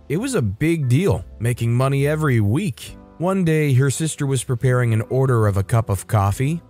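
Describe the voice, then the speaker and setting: Man, story channel host, casual narration, mid pitch, faint background music. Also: warm tone. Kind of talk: reading online stories aloud.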